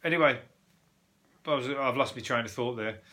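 A man's voice: mid-range voice, moderate pace, bright, forceful tone. A man hosting a casual news review, rambling, swearing and laughing as he goes. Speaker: podcast host.

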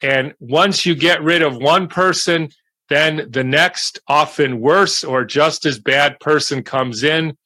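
An older man delivering a slow, deliberate monologue of commentary. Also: on the high side, bright, forceful tone, no echo.

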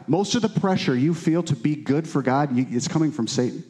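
A man's voice: fairly high pitch, lively intonation, brisk, dark tone. A man preaching a sermon, earnest and emphatic, often repeating his key phrases. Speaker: pastor.

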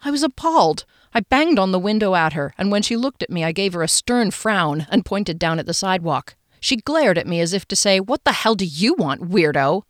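A woman narrating a first-person novel as an audiobook, in a wry, expressive way. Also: medium pitch, a little fast, few pauses, no echo, studio quality.

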